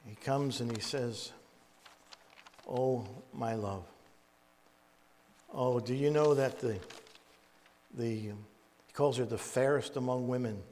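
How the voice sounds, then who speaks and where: A man preaching in a storytelling way, halting and repeating words, with folksy asides. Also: medium pitch, fairly even intonation, a little mellow, slight background noise. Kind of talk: storytelling Bible teaching. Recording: long echoey reverb.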